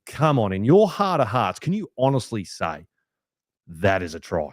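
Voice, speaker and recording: A young Australian man hosting a fan podcast, ranting heatedly with plenty of swearing, a little rough from a hangover. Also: on the low side, moderate pace, no room sound, studio quality. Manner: heated, sweary rant with lively swings. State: hungover, rough voice. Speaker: podcast host. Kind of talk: fan podcast match review.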